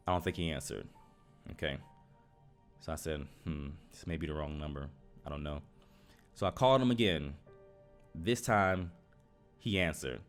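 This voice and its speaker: A young man telling his own life story to his viewers in a halting way, often repeating words as he goes. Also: low-pitched. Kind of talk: personal storytelling to camera.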